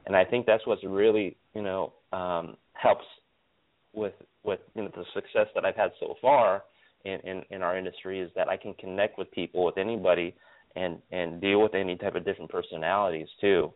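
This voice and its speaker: Low-pitched male guest from California, chatty and animated, heard through a phone line. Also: brisk. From Stockton, California. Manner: animated, repeats words, many fillers. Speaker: guest, optometrist. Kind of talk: casual interview storytelling.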